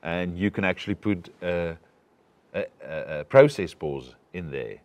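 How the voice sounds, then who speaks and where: A man coaching a young actor, explaining and demonstrating lines in an animated way. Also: sits low, a little slow. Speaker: acting coach. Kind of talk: coaching a student.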